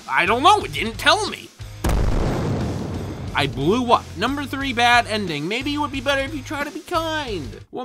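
A man's voice: very high-pitched, bright, forceful tone. A man giving jokey, casual commentary while playing a video game and reading its text aloud. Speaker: gaming YouTuber.

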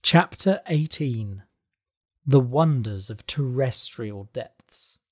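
A man narrating a classic adventure novel in a calm, steady storytelling manner. His voice is middle in pitch with a husky, slightly breathy texture. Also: slow. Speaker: audiobook reader. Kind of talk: scripted narration.

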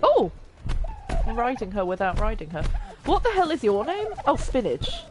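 A woman chatting through a video game, her high voice leaping wildly up and down as she gushes and squeals with excitement. Game music plays behind her. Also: normal speed. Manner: excitable, gushing over pets, gasps and squeals. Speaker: gaming channel host. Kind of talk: casual gameplay chat.

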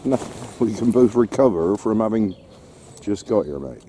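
A man's voice: on the low side, big pitch swings, slow pace, warm tone, slight background noise. A man, chatting casually and jokingly while walking his dog outdoors by a harbour. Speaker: dog walker filming his walk. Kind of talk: casual chat.

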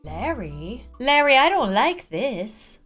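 A young woman hosting a let's-play, playfully acting out a clingy, creepy old friend with swings from squeals to low murmurs. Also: sing-song, takes it slowly, a bit bright, faint music behind. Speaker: gaming video host.

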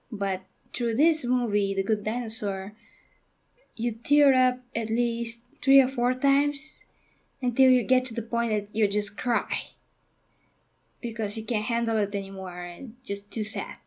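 A young woman casually talking through a movie review on her channel, halting and restarting her sentences as she goes. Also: medium pitch, darkish tone. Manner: halting, with frequent restarts and fillers.

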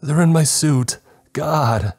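A man voicing a panicking young male crewman in a hazmat suit, frantic and high-strung. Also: animated, a little slow, darkish tone, soft background music. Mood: terrified.

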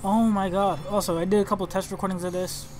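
A young man giving let's play commentary on a video game, excitable and reactive, often exclaiming and swearing. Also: high-pitched, quick pace. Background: game music.

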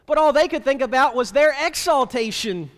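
A man with a very high voice preaches a sermon in a church sanctuary, and the sound rings out with a long reverb. He is plainspoken and wry, and he keeps turning to the congregation with rhetorical questions. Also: expressive, normal speed, a bit bright. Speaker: pastor.

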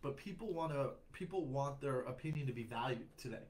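A man's voice: mid-range voice, animated, a little fast, a little mellow, low-quality recording. A young man chatting on a comedy podcast as a guest, rambling and reflective, with many restarts. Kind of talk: casual podcast chat.

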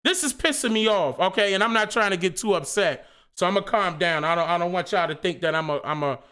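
A man's voice: high voice, expressive, fast talker, bright, forceful tone, smooth. Fired-up man ranting on a live stream. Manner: passionate, fired up, preachy, rhetorical questions; casual slangy speech. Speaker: channel host. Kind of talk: impassioned live-stream rant.

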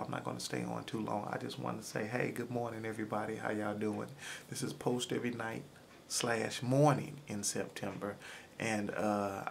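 A man recording a casual morning vlog into his camera, hoarse and chatty, talking straight to his viewers. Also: mid-range voice, slight background noise. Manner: chatty, loose, addresses viewers directly. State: hoarse, frog in throat. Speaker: vlogger. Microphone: camera mic, close to camera.

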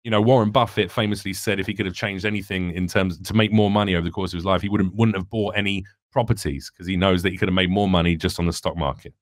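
A man's voice: deep voice, steady tone, quick pace, hardly any pauses, no echo, clean studio sound. A young man, a comedian guest talking earnestly and reflectively in a candid podcast conversation. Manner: earnest, reflective, rambling with restarts.

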